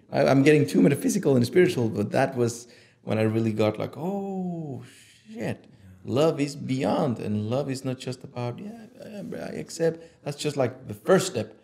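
A man speaking as a guest on a podcast, talking passionately and swearing freely, getting loud and animated when he acts out what he tells himself. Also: mid-range voice. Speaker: podcast guest, image consultant. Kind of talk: casual conversation.

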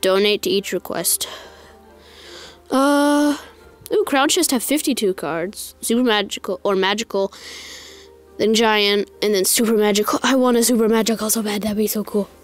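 A woman's voice: mid-range voice, moderate pace, soft background music. A woman giving casual gameplay commentary, exasperated and repeating her complaints aloud.

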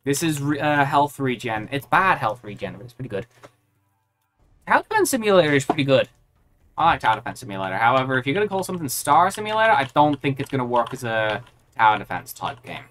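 Woman streaming a game, chatty n reactive, pitch jumps all over. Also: quick pace. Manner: animated, reacts aloud and chats with viewers. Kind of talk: live gameplay commentary.

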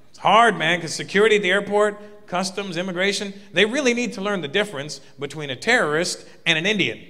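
A male comedian doing animated, punchy stand-up at a large live venue. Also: high voice, fast, few pauses, a little hiss or hum. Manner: animated and punchy, often building to a shout. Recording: live in a reverberant hall.

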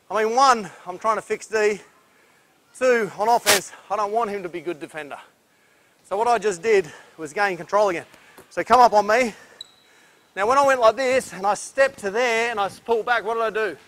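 A high-voiced Australian man runs a basketball clinic on an indoor court. He talks through defensive moves while demonstrating them and huffs from the effort. His delivery is energetic and instructive. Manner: energetic, instructive, breathless from drills. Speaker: basketball coach.

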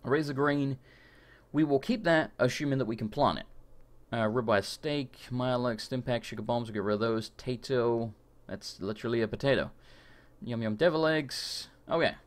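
A man giving casual live commentary while playing a video game, chatty and quick to rant and swear when annoyed. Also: medium pitch. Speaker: gaming streamer. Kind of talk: live let's-play commentary.

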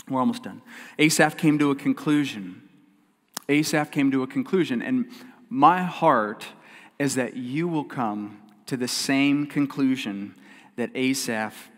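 A pastor delivers an earnest, emphatic sermon to his congregation in a middling-pitched voice. He repeats key lines and moves between loud emphasis and hushed, quiet passages, with long reverb from the church sanctuary around him.

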